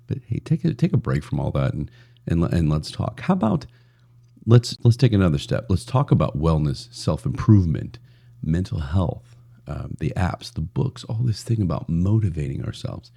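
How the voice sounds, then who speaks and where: A man's voice: low-pitched, gravelly, dark tone. A man hosting a solo podcast in a casual, blunt and profane way, rambling with frequent restarts. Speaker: podcast host.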